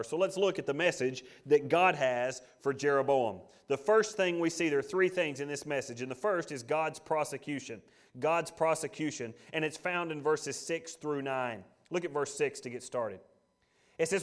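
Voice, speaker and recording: High-voiced male pastor preaching. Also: normal speed. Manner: dramatic, acts out the story's quotes. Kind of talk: sermon.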